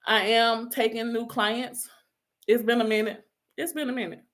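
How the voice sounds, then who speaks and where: Her voice a little high, steady, and somewhat bright, a middle-aged woman coaches listeners at a moderate pace with emphatic motivation. She hammers home the same exhortations and occasionally laughs at her own expense.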